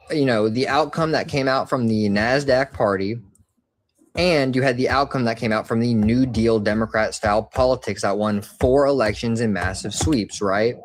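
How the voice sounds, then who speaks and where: A man arguing bluntly about politics in casual slang. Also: medium pitch. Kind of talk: heated political argument.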